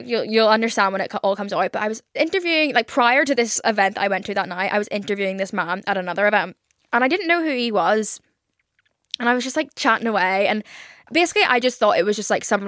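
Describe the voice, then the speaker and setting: A woman's voice: fairly high pitch, a bit bright, dry recording, studio quality. A young woman hosting her own podcast, chatting casually and rambling with lots of swearing and fillers. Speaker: podcast host. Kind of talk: casual solo podcast chat.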